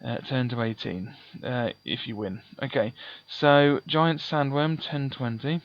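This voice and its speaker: A man playing through a gamebook, reading its passages aloud and calmly working out dice sums with mild self-deprecating asides. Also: medium pitch, measured pace, lo-fi sound. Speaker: let's play host. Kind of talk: gamebook playthrough with read-aloud narration.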